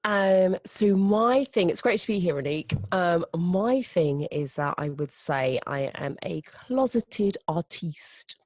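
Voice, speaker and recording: Playful low-voiced woman guest. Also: unhurried, few pauses, darkish tone, no echo. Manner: playful and self-mocking. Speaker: interview guest, event MC. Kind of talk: casual podcast interview. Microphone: remote call over the internet.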